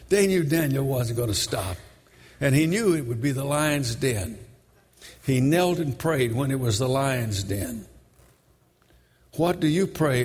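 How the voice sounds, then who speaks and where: An older man preaching a sermon, telling the story dramatically and shouting high when he voices its characters. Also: husky. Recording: long reverb of a large hall.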